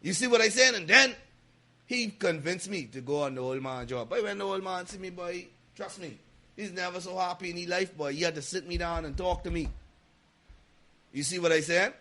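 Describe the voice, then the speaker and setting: A man with a slightly high voice rambles through a personal story on a casual podcast. He stumbles often and restarts his sentences. He keeps an easygoing, chatty tone. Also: animated, moderate pace, bright, forceful tone. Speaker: podcast co-host. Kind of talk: casual chat.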